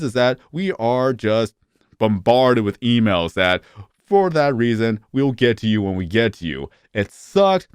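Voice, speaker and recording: A man's voice: mid-range voice, smooth, dry recording, studio quality. A man in his thirties talking to his phone camera in a casual vlog, rambling and often restarting or stuttering. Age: 30s. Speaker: YouTuber.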